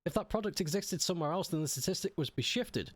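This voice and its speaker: A man's voice: high voice, expressive, fast, a little hiss or hum. A man chatting casually while streaming a game, grumbling about technical trouble. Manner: grumbling, easily frustrated by tech trouble. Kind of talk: casual gaming stream chat.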